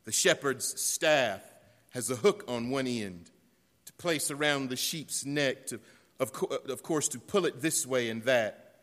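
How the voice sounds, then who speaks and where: A man preaches from the pulpit, his voice bright and ringing. He moves from homey storytelling into loud, emphatic repeated refrains, and a long reverb from the church sanctuary trails every phrase. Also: mid-range voice, measured pace. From South Carolina. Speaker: pastor. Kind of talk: sermon.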